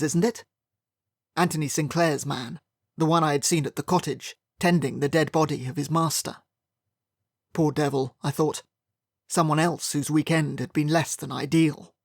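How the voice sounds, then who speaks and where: Male narrator, slightly high and gravelly, dry wry first-person audiobook read, close and dry sound. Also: no room sound.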